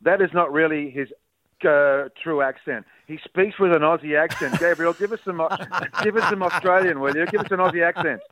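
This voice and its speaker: A man, a broadcaster guest, chatting with frequent pauses in a casual radio conversation. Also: a little high, pushed and bright. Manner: chatty, many "uh" pauses, reminiscing. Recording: tinny phone line.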